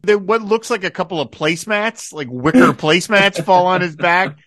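Bright-voiced man recapping an episode. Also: sits high, normal speed, dry recording, clean studio sound. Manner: enthusiastic, quotes dialogue in animated bursts. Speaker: podcast host. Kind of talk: casual podcast discussion.

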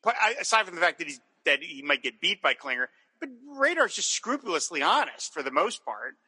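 A man with a high, very bright voice chats casually about a TV episode. He is animated and slips into acting out what characters say. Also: fairly quick, breathy edge. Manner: animated, acts out quoted lines. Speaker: podcast co-host.

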